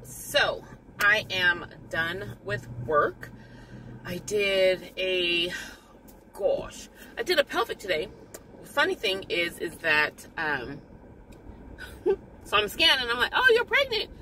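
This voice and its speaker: A woman's voice: on the low side, slow pace, long pauses, slight background noise, low-quality recording. A woman talking casually to her viewers as an ultrasound technologist, telling stories about her patients in a chatty way. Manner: chatty storyteller, animated when quoting patients. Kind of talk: casual vlog chat.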